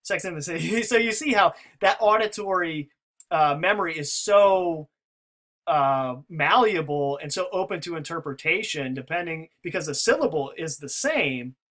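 A man's voice: on the high side, animated, moderate pace, fairly bright tone. A man talking through a theory in casual spoken commentary, rambling with many restarts and fillers. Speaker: video commentator.

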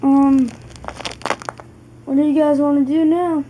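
A woman's voice: high voice, little pitch movement, slow pace, warm tone, a little hiss or hum, low-quality recording. A woman casually narrating her own toy play video, with chatty, apologetic asides as she fixes and handles the toys.

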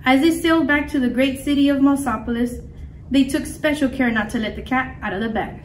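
Storybook reader, woman, high voice, lively, echoey room recorded from afar. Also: brisk. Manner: lively expressive reading. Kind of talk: reading a picture book aloud. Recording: echoey room, mic far off, faint noise.

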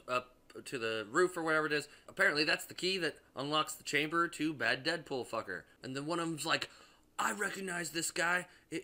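A young man rambles through a casual movie review, swearing freely and tripping over restarts and fillers. His voice is very bright, with a smooth, clean tone. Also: medium pitch.

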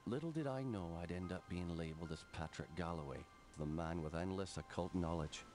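A man voicing an occult investigator and war veteran, telling his story gravely and quietly. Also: deep voice, a little fast, lightly acted. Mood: grim. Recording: game cutscene with loud music.

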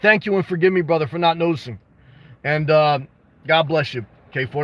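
Blunt, high-voiced man giving advice. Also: normal speed, no room sound. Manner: blunt, animated, jokey advice with sudden excited outbursts; reads and responds to viewer comments. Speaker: livestream host answering chat. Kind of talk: casual livestream advice chat.

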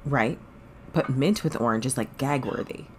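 Low-pitched woman podcaster, got a cold, lots of ums, a bit of hiss behind. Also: moderate pace. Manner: hesitant, lots of ums while reading. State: has a cold. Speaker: podcast co-host. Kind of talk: casual chat.

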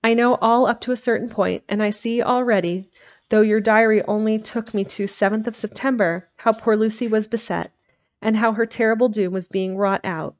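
A woman's voice: medium pitch, fairly even intonation, normal speed, natural voice. A woman voicing an earnest, brave young Victorian wife, speaking in a pleading way over a dull lo-fi recording.

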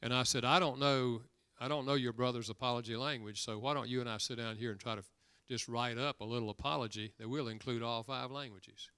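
Older male preacher, folksy storyteller, clear crisp voice, dry close recording. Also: mid-range voice, fairly even intonation, fairly quick, hardly any pauses, sharp tone, dry recording. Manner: folksy storyteller, acts out dialogue with rising emphasis. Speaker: guest preacher. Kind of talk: sermon with storytelling.

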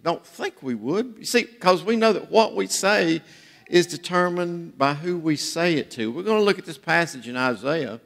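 A man's voice: fairly high pitch, animated, moderate pace, creaky, a bit bright. A man preaching a sermon in a church, telling jokes and stories in a folksy way. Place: church sanctuary. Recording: reverberant church hall.

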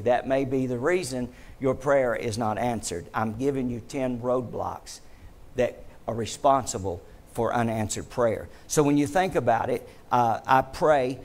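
A male pastor preaching a sermon to his church, emphatic and repetitive, asking the congregation questions. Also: mid-range voice. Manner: emphatic, repeats phrases, asks congregation questions. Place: church sanctuary.

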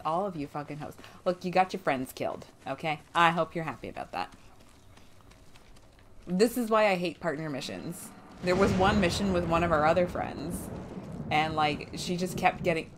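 A woman's voice: low voice, expressive, moderate pace, a little hiss or hum. A woman commenting live on her own gameplay, swearing often and sounding exasperated and sarcastic. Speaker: streamer. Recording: game music behind voice.

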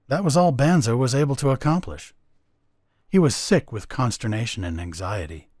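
Man reading a story, lively and husky. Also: medium pitch, moderate pace, dry recording. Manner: expressive, dramatic storytelling. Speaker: podcast narrator.

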